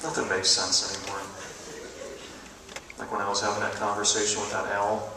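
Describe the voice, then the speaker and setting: A man doing a stand-up comedy routine in a college auditorium, animated and jumping between bits with mock outrage, with the audience laughing behind him. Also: fairly low pitch, normal speed, pauses often, noisy background. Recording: echoey hall taped from far off, audience laughter.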